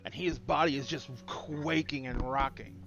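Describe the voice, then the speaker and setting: A man running a tabletop game as game master, describing scenes in halting bursts with frequent restarts. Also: medium pitch, fairly even intonation, a bit bright, highs cut off.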